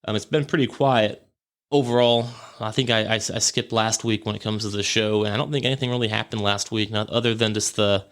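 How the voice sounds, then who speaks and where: Rambling low-voiced male podcast host. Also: steady tone, fairly quick, a bit bright. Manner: rambling, self-correcting, swears casually. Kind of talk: casual podcast storytelling. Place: home podcast room.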